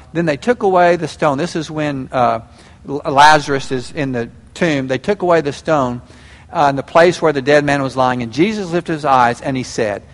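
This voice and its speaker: Older male pastor, animated storyteller, slightly high voice, reverberant hall. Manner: animated storytelling, acting out prayers and quotes. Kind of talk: sermon.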